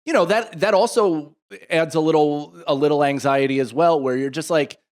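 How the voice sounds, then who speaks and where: A man in his thirties co-hosting a podcast in casual chat, telling a rambling, animated story full of restarts and asides. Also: a little high, moderate pace. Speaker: podcast co-host.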